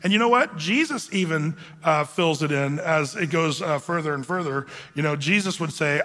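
A pastor teaching a sermon in a loose, joking, conversational way, full of fillers and asides. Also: male voice, on the high side, lively intonation, moderate pace, few pauses, fairly bright tone. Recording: echoey hall.

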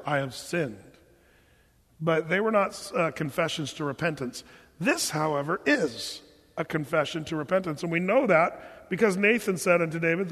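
A pastor preaching a sermon, animated and joking, acting out quotes as he teaches. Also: sits high. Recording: long hall reverb.

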